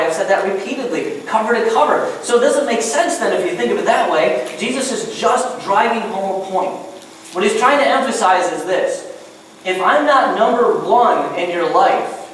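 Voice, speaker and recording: A man preaching a sermon as a pastor, animated and acting out little scenes in different voices. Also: high-pitched, a little hiss or hum. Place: church sanctuary. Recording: echoey church hall from far off.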